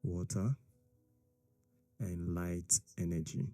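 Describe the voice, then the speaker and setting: Male teacher, deep and dry close voice, patient step-by-step explainer, faint music behind. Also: takes it slowly, dry recording. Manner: steady explaining, with frequent "all right?" and "okay?" checks. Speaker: science teacher. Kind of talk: explaining a lesson.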